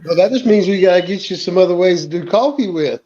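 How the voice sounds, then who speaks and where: A man's voice: sits high, fast, dark tone, lo-fi sound. A man hosting a casual livestream, telling rambling family anecdotes and quoting people in his own voice. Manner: rambling anecdotes with acted quotes. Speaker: livestream host. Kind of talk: casual storytelling chat. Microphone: livestream call.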